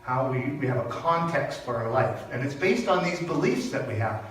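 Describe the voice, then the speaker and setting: An older man from Canada giving a personal sermon at a church service, telling stories with animated, emphatic repetition. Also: medium pitch, normal speed. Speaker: speaker at a spiritual church service. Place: large echoey hall. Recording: very echoey hall from far off, faint noise.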